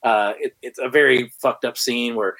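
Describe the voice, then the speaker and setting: A man's voice: medium pitch, fairly even intonation, moderate pace, gravelly, fairly bright tone, poor audio. Guy ripping on a movie w his buddies, rambly, sarcastic, cusses a lot. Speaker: podcast co-host. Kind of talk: casual movie review chat.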